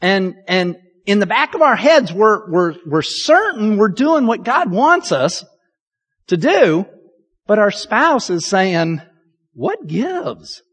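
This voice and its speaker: High, lively-voiced pastor preaching. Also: male voice, slow pace, husky. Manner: candid, self-deprecating and chatty. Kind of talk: conversational sermon. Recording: long reverb of a large hall.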